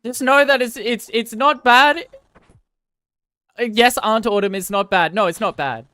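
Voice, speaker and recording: A woman's voice: a little high, unhurried, a bit bright, no room sound. A woman streamer chatting casually with viewers, rambling and apologizing in a self-deprecating way.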